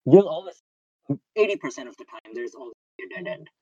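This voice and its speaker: A man's voice: a little high, animated, fairly quick, mellow, husky, no room sound, lo-fi sound. A young man from Pakistan hosting a casual podcast, telling a personal story in a rambling way full of "like" and fillers. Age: young adult. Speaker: podcast host.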